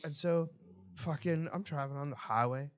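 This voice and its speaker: A man with a slightly high, smooth voice and a moderate pace co-hosts a laid-back podcast. His storytelling is animated and profane, full of cursing and acted-out quotes.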